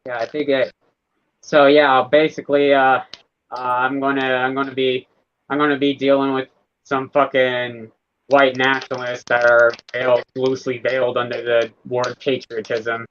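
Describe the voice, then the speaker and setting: A man's voice: mid-range voice, flat delivery, moderate pace, fairly bright tone, clear, resonant tone, highs cut off. A man co-hosting a livestream who chats loosely, jokes, laughs and swears often. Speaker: podcast co-host. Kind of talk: casual livestream chat.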